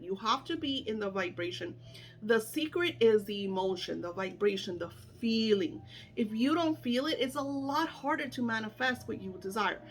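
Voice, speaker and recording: A middle-aged woman coaching on manifesting in an animated, chatty way, full of fillers and acted-out self-talk. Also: medium pitch. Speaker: spiritual coach. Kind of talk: casual teaching chat.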